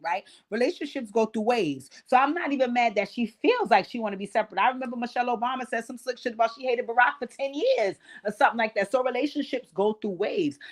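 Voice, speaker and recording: Brief: woman in her 40s, channel host, sassy and profane, casual reality TV recap, blunt asides. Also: mid-range voice.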